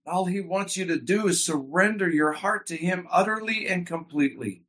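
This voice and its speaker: A male pastor delivers a fervent sermon full of emphatic repetition, addressing his congregation with a Hebrew word. His voice is fairly high and a little bright, at a moderate pace.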